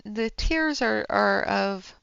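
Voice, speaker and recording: A woman's voice: medium pitch, animated, takes it slowly, gravelly, fairly bright tone, clean tone, dry recording, lo-fi sound. A woman hosting a coloring livestream, chatting casually with her viewers as she works, with many fillers and frequent laughs. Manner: chatty, reads and answers chat, laughs often, many fillers.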